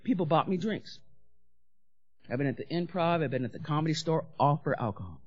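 A woman's voice: low-pitched, expressive, fairly quick. Blunt, profane woman telling her recovery story. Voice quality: blunt, profane, acts out quoted voices. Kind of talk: candid personal recovery talk. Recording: dull lo-fi recording.

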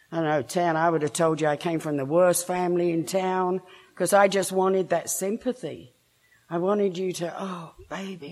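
A woman from England with a low, somewhat mellow voice tells her own story to a recovery meeting, speaking frankly and poking fun at herself, with the occasional laugh between lines.

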